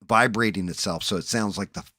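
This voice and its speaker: A man's voice: fairly low pitch, fairly quick, sharp tone, no echo, clean studio sound. A man hosting a casual chat show, retelling horror movie plots in a loose, profane way and acting out the characters' lines. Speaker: podcast host.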